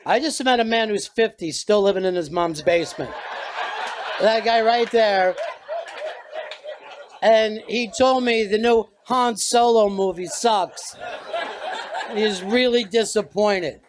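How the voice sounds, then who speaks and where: Older male host with a high voice. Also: takes it slowly, pauses often, noisy background. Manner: laughs along, short affirmations. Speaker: interview host. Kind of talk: conversational interview.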